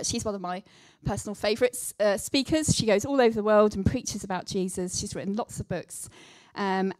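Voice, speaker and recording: A woman's voice: medium pitch, a little mellow, dry recording, low-quality recording. A woman, a church group leader, casually introducing a video clip with some fillers.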